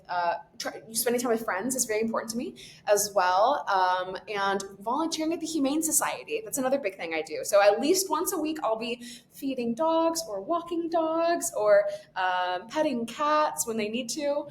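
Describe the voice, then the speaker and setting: Bubbly young woman podcast guest, laughs a lot, echoey room w faint rumble. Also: expressive. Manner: bubbly, quick, laughs often, lots of "like". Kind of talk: casual chat.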